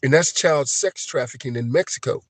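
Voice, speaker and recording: A man ranting on a live stream, agitated and profane, swinging between shouting and low, emotional muttering. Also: moderate pace, no echo. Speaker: livestream host.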